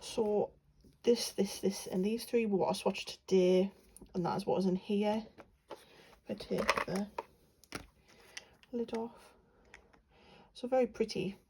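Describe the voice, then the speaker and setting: A woman's voice: mid-range voice, steady tone, slow, noisy background. A young woman from England chatting casually about her paints, rambling with lots of fillers. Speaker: art vlogger. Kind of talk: casual chat while swatching paints.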